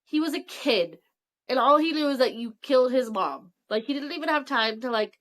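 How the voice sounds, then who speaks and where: A woman's voice: high voice, expressive, normal speed, a bit bright. A woman co-hosting a podcast in casual chat, using a lot of "like" and acting out characters' lines. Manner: fillers of "like", acts out characters' lines. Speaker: podcast co-host.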